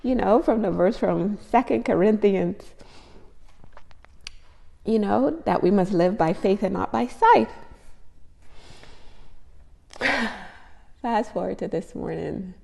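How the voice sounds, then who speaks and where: A woman's voice: mid-range voice, unhurried, gravelly, long pauses, dark tone, breathy edge, big-room sound. A woman talking to her viewers in a casual faith vlog, effusive and emotional, repeating phrases for emphasis. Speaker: faith vlogger.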